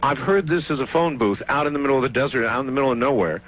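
A man's voice: medium pitch, expressive, very fast. A male radio talk show host asking curious, probing questions in an interview. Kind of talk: late-night radio interview. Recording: dull lo-fi radio broadcast.

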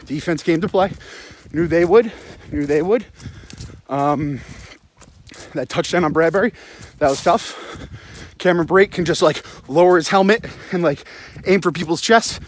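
A man's voice: a little high, normal speed, a little hiss or hum. Winded man ranting while jogging. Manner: rambling, sarcastic, heavy swearing. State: out of breath. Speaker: sports podcast host. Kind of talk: profane postgame rant while jogging. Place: outdoors at night, running in the cold. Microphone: phone.

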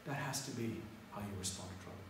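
A man preaching a sermon as pastor, swinging between loud exhortation and quiet, prayerful lines. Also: medium pitch, fast, slight background noise. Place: church sanctuary. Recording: echoey hall, mic from far off.

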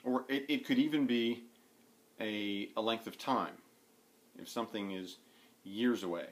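A man with a slightly low voice talks to camera from his home, wandering from point to point and filling gaps with "uh" and "um". He sounds relaxed and chatty, as in a casual needlework vlog. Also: measured pace. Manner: rambling, many fillers and restarts. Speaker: needlework vlogger. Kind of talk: casual rambling chat to camera. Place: at home, sitting indoors.

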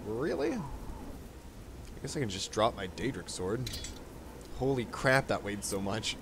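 A man's voice: on the low side, big pitch swings, unhurried, background noise. A man hosting a casual let's play, commenting loosely and swearing freely as he plays. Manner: loose, profane, chatty.

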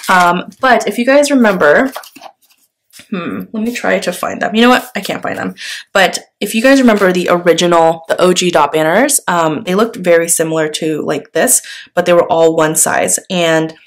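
A woman vlogger chatting casually while showing stickers, gushing and enthusiastic, with frequent fillers and soft laughs. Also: fairly low pitch, normal speed. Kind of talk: casual chatty show-and-tell.

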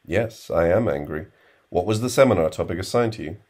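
A man's voice: low voice, animated, fairly quick, darkish tone. A man doing a cold, weary professor. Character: weary, stern middle-aged male professor.

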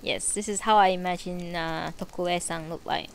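A woman streaming a book reading, chatting in a relaxed, rambling way between chapters. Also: lowish voice, moderate pace, creaky, a little hiss or hum. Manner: relaxed, chatty and rambling, with frequent fillers and asides. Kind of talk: book reading and casual chat.

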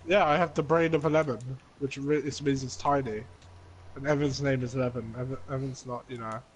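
A man's voice: mid-range voice, fairly even intonation, brisk, breathy edge. A man chatting casually with friends while playing a game online, joking and swearing a lot. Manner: joking, profane banter. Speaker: gamer.

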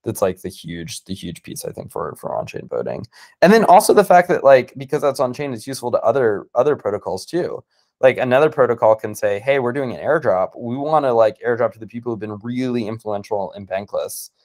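On a video call, a startup founder appearing as a guest speaker explains his ideas casually, talking fast and enthusiastically with frequent "like" fillers. His voice is medium in pitch, very animated, and a little mellow.

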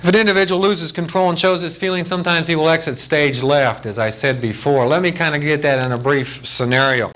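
A man's voice: fairly high pitch, a little fast, few pauses, fairly bright tone, poor audio. An older man delivers a safety lecture to pilots in a blunt, folksy way. He speaks plainly and acts out the people he quotes. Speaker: aviation safety instructor. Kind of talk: lecture briefing.

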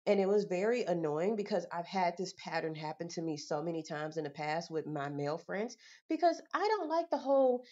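A woman's voice: fairly low pitch, fairly quick, dark tone. A young woman vlogging, venting bluntly and with exasperation, full of casual slang. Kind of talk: candid vlog monologue. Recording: slightly dull lo-fi audio.

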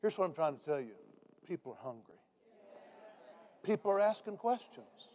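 An older man preaching a sermon to a church congregation, dropping his voice low when he tells stories. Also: sing-song, moderate pace, dark tone. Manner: storytelling preacher, voice drops low for quoted speech. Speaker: pastor. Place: church sanctuary.

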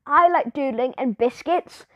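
A woman doing a loud, eager schoolboy. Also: sits high, measured pace. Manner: shouting eagerly.

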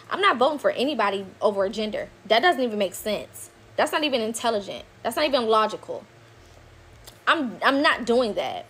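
A woman's voice: on the high side, expressive, brisk, fairly bright tone. A woman giving a blunt, profane direct-to-camera rant, hammering points by repeating them. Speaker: political commentator.

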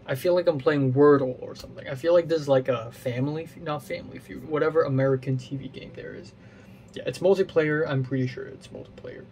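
A man talking himself through a game puzzle, muttering his guesses aloud and now and then mocking his own mistakes. His voice sits a little above the usual pitch for a man, and a faint hiss runs underneath it. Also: quick pace, a little mellow. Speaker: gaming channel host. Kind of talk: playing a puzzle game while thinking aloud.

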